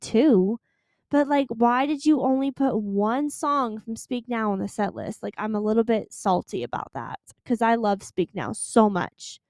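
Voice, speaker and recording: A young woman hosting her own podcast, talking in an excited, gushing way, breathless at times and swearing freely. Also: a little high, no echo. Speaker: podcast host. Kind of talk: excited casual podcast chat.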